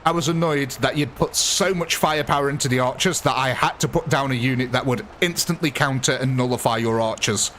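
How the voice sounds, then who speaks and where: A man's voice: mid-range voice, a little fast, few pauses, fairly bright tone, a little hiss or hum. A man chatting casually on a live gaming stream, rambling and laughing often.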